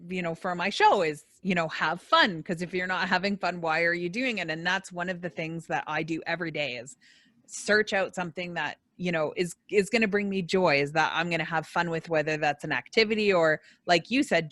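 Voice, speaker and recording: A woman talk show host chatting with a guest, telling stories in a lively, animated way. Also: on the low side, moderate pace, no echo. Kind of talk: casual chat.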